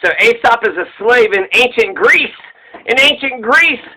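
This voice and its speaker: High, bright-voiced man retelling a fable. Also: expressive, unhurried, rough recording. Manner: loose and rambling, swears freely, laughs at own jokes. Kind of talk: casual profane retelling.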